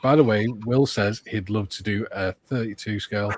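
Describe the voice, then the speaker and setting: A man's voice: fairly low pitch, moderate pace. A man hosting a casual livestream, reading viewer comments aloud and chatting. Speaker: livestream host reading chat.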